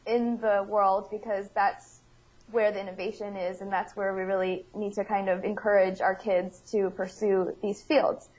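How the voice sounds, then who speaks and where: A woman's voice: mid-range voice, flat delivery, moderate pace, darkish tone, husky, highs cut off. A woman, a guest expert in an interview, who weighs things thoughtfully as she speaks. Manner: thoughtful, evaluative. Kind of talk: conversational interview.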